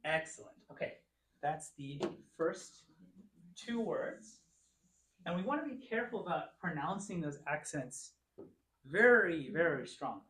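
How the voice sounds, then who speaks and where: Lively, encouraging man teaching a class. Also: a little high, a little hiss or hum. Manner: encouraging, sounds out words slowly. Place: church classroom.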